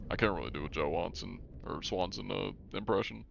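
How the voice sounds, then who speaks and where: Young man streaming a game, his low voice gravelly and fry-edged. He talks laid-back to chat into a desk mic, with faint hum behind. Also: brisk, hardly any pauses, lo-fi sound. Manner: laid-back, reads chat aloud, laughs often. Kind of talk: casual live-stream chat.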